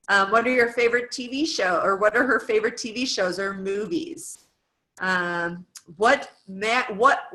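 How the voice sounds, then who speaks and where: A chatty woman in her thirties from the United States talks through a coaching worksheet, firing off one question after another. Her voice is bright and forward, and her talk is loose and informal, full of "um" and "like". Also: mid-range voice, low-quality recording. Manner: chatty, lots of "um" and "like", asks lists of questions. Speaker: guest speaker coaching fitness coaches.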